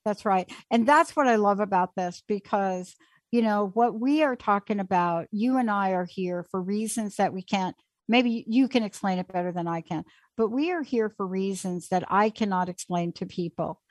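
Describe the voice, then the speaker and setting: An animated woman hosts a call-in talk show, chatting freely between guests and callers. Her voice sits in the middle of the range and sounds close and dry, with no room around it. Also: mid-range voice, moderate pace, no room sound. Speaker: host.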